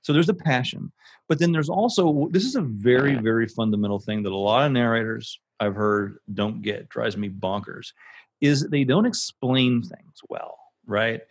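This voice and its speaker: A man who runs an audiobook production company, speaking as a guest in a casual interview, animated and emphatic and swearing for emphasis. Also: mid-range voice, moderate pace, dry recording.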